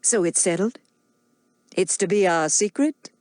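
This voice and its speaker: A woman voicing a smooth, crafty grown man who coaxes and persuades without hurrying. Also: fairly low pitch, lively intonation, unhurried, darkish tone, no echo. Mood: persuasive.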